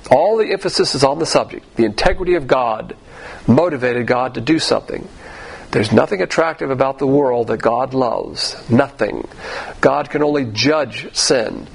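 A man's voice: medium pitch, creaky, husky, poor audio. A middle-aged man teaching a sermon on a Bible passage, explaining in an emphatic, lecturing way with frequent asides.

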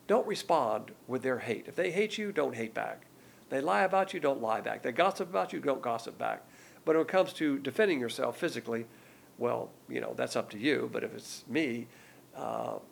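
An older man preaching a sermon, teaching in a folksy, emphatic way that jumps up in pitch on key words. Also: gravelly, slight background noise. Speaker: pastor.

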